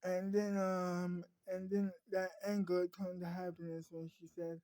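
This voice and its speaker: A woman telling an improvised story in a halting way, with many fillers and restarts. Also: on the low side, little pitch movement, dark tone, no echo.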